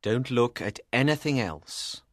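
A steady, tender condemned man, as a woman narrator lowers her voice for him in a storybook reading. He speaks low and quiet, calm to the end. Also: unhurried, no echo, studio quality, heavily acted. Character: doomed brave Englishman, calm and tender.

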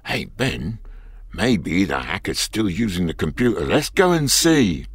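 A man's voice: low voice, sing-song, measured pace, breathy edge, no room sound, studio quality, exaggerated voice. A man voicing a businesslike male security guard in a storybook, speaking plainly.

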